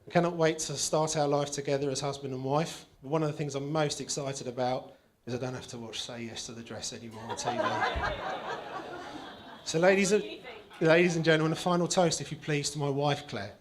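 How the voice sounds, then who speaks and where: A groom's speech at a wedding reception, delivered by a man whose voice sits a touch high for a man. He reads a prepared text with teasing, self-mocking humour that turns openly affectionate. A faint hum of the room runs underneath. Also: fairly even intonation, a little fast.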